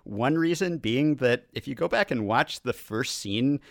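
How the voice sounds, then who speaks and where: A man's voice: medium pitch, a little slow, creaky, dry recording, clean studio sound. A man co-hosting a podcast, talking through a TV episode in casual chat with joking asides. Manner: animated, joking asides with laughs. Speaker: podcast co-host.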